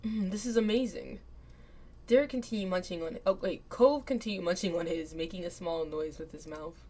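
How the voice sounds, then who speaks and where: A young adult woman streamer reading game text aloud and breaking off into chatty, excitable asides. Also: lowish voice, fairly quick. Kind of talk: let's play game commentary.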